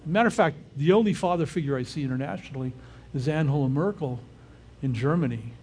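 A man's voice: on the high side, fast, darkish tone, slight background noise. An older man preaching a casual, conversational sermon who often stops to check in with his listeners. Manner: informal, often checks in with the audience. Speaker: pastor.

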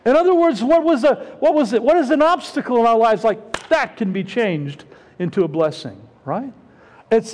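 A man's voice: very high voice, a little mellow. A middle-aged male pastor preaching a conversational sermon, often repeating himself and asking the congregation questions. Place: church sanctuary. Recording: long hall reverb.

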